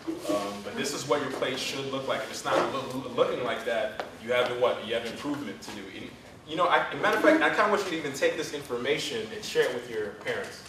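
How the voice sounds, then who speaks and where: With lively intonation and a quick pace, a man of medium pitch energetically lectures children on nutrition at a fitness camp, coach-style, answering his own questions. The community center event sounds reverberant, and he's far from the mic amid background noise.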